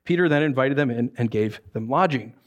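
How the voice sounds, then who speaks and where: A man, a pastor, preaching a sermon, reading scripture and acting out lively asides. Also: mid-range voice, fairly quick. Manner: animated, acts out voices and asides.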